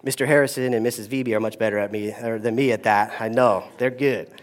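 A male pastor preaching a sermon, swinging between hushed, drawn-out phrases and loud, rising emphasis. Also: lowish voice, steady tone.

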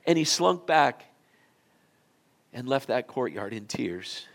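A male pastor preaching a sermon in an auditorium, telling the story in a folksy, conversational way that swings from loud to quiet. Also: mid-range voice, big pitch swings, takes it slowly, creaky, long pauses.

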